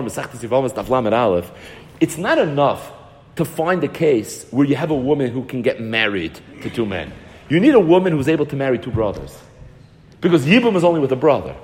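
In a Talmud lecture, a man teaches in a lively, animated manner, his slightly high voice swinging widely up and down. He argues both sides of every point, often repeating words as he works through them, and a long, echoing reverb rings around his voice.

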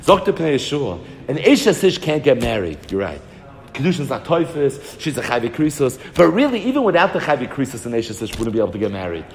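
A man teaching a Talmud lesson in an animated way, arguing both sides of a debate and often repeating words as he thinks. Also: mid-range voice, a little fast, big-room sound. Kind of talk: Talmud lecture.

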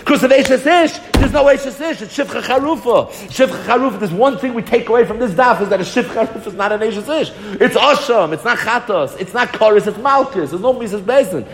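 Animated man teaching Talmud, echoey. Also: extremely high pitch, a little fast, hardly any pauses. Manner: animated, argues both sides of a debate, repeats words as he thinks. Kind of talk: Talmud lecture.

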